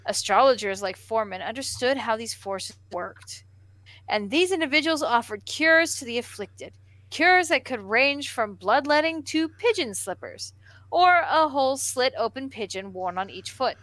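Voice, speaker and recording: Casting: high-pitched, playful woman co-host who jokes and reads news items. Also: animated, normal speed, fairly bright tone, dry recording. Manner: flirty, joking, reads articles aloud. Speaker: podcast co-host. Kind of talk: casual banter and reading news.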